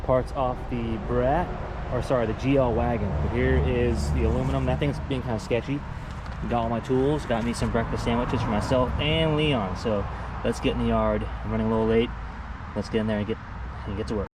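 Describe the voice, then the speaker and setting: A man's voice: mid-range voice, steady tone, a little fast, background noise. Winded man vlogging outdoors. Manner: chatty, self-narrating while walking. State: out of breath. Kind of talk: casual vlog narration. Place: outdoor junkyard.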